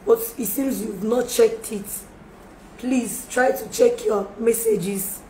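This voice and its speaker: A woman's voice: on the high side, slow pace, warm tone. Pleading woman in an echoey room. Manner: pleading, repeats apologies and requests for forgiveness. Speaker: livestreamer making a public apology. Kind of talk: emotional live-stream appeal. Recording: echoey room with faint background noise.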